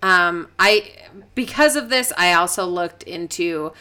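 A woman's voice: on the low side, unhurried, heavy background noise. A woman with an American accent from Colorado, co-hosting a podcast in casual chat and laughing often. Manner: giggly, chatty, laughs often. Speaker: podcast co-host.

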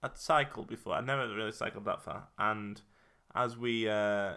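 A man's voice: fairly low pitch, fairly even intonation, normal speed, vocal fry, pushed and bright, clean tone. A young man, telling a story in a casual podcast chat, rambling and correcting himself as he goes. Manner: rambling, self-correcting, laughs at own jokes. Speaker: podcast co-host.

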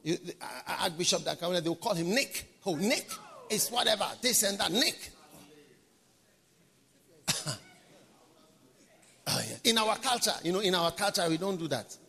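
A man preaching a sermon at a pastors' conference, emphatic and repetitive, with dramatic swings between quiet and shouted lines. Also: sits high, expressive, normal speed, gravelly, long pauses, long reverb tail. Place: large conference hall.

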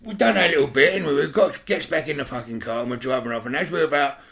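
A middle-aged man telling a rough story in an interview, swearing freely and checking in with "right?". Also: fairly high pitch, fast, fairly bright tone. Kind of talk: animated storytelling.

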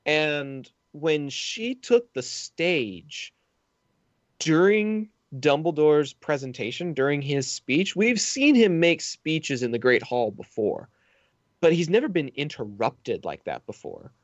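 This podcast co-host has a fairly high, sing-song voice and speaks slowly, captured on a dry recording with the highs cut off. Casual yet thoughtful, he breaks down a film character in detail.

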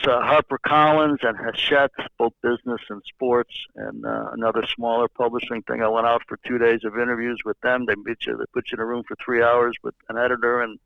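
Older guy rambling through stories, gravelly voice, kinda dull lo-fi sound, lots of uh's. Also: medium pitch, no echo. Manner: rambling storyteller who repeats words and uses many fillers. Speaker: interview guest, former baseball general manager. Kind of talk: casual anecdotal storytelling.

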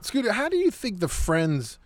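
A man co-hosting a podcast, making quick joking asides in casual chat. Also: high-pitched, huge pitch swings, a crowd in the background. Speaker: podcast co-host.

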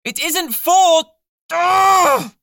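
A male narrator voicing a desperate young man who yells and pleads across the water. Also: very high voice, very slow, dry recording, studio quality, voice pushed up, heavily acted. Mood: frustrated. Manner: yelling, pleading.

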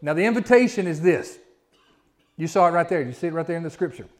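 A man's voice: a little high, expressive, quick pace. A man pastor, preaching a folksy sermon that repeats words and builds with rising emphasis. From Southern United States.

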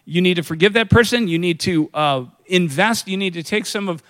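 Conversational pastor preaching, slightly high voice. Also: male voice, fairly quick, fairly bright tone. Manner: conversational preaching, acts out quoted voices, asks the congregation questions. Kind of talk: sermon.

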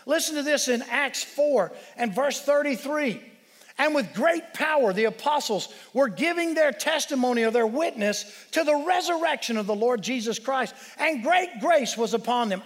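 A man preaching a sermon as pastor, telling a story with emphatic shouted peaks. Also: very high voice. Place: church sanctuary. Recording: long reverb of a church hall.

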